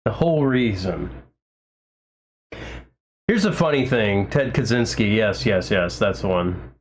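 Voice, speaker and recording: A man's voice: fairly low pitch, expressive, measured pace. A man talking straight to his livestream audience in a loose, casual way. He rambles, trips over restarts and fills gaps with ums and likes. His enthusiasm keeps spilling over as he gushes. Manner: rambling, many fillers and restarts; enthusiastic, gushing. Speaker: livestream host.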